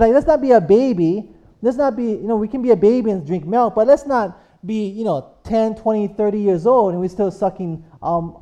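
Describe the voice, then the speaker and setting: Through a muffled recording comes a preacher's mellow mid-range voice giving a sermon. It's repetitive and rhetorical, with calls to the congregation for amens.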